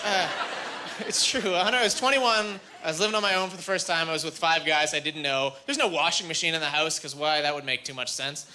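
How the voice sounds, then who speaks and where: A young man doing a stand-up routine on a comedy club stage, animated and jumping into high squeaky voices when acting out scenes. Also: fast talker, few pauses. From Canada. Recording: live club recording with audience laughter.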